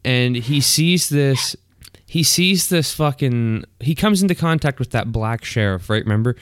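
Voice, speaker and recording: A man's voice: mid-range voice, expressive, a little slow, clear, resonant tone, no echo, studio quality. A man hosting a podcast in crude, profane casual chat, often laughing mid-sentence. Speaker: podcast host.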